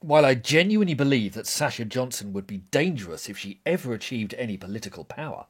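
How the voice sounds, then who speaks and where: A man's voice: mid-range voice, sing-song, quick pace, breathy edge. A man narrating scripted commentary in a pointed, critical tone.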